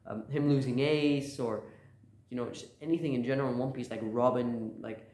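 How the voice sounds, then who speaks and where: A man of middling pitch talks through a story recap in a loose, rambling way, dropping "uh" and "like" often and jumping into quoted lines. The recording is roomy, with a noticeable echo around his voice. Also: fairly even intonation, normal speed, a little mellow. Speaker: YouTuber recapping a manga chapter. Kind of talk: casual spoken recap.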